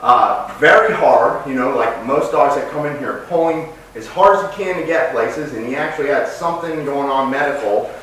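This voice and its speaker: A man who trains dogs, explaining his methods and giving short, sharp commands to the dog as he works. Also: mid-range voice, moderate pace, few pauses. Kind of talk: instructional commentary while training. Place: home training space with dogs. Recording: very echoey room, distant mic, faint noise.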